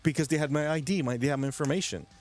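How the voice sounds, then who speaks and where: A late-night stream host who says he's from New York races through rambling, profane chat with his viewers, often restarting sentences. His voice is fairly high-pitched with a darkish tone.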